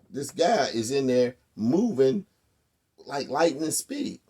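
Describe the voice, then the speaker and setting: Husky-voiced man telling a story. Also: mid-range voice, sing-song, slow, dark tone. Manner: conversational, profane, wry. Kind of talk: casual spoken storytelling.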